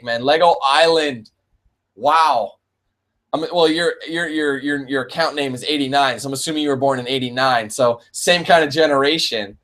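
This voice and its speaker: A gaming streamer in his twenties, speaking with a Canadian accent, answers his viewers in a relaxed, profane chat where they're all "man" or "bro." His voice is medium-pitched and fairly bright, and he talks at a moderate pace.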